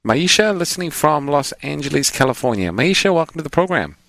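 A man co-hosting a call-in radio show, introducing callers and reading out contact details in a measured way. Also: a little high, big pitch swings, creaky, a bit bright, no echo. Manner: measured, reads phone numbers and introduces callers. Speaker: radio co-host.

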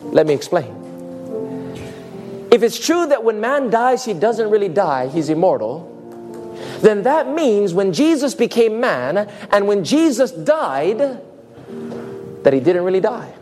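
A man preaching a sermon with emphatic delivery and dramatic pauses. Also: high voice, big pitch swings, over music.

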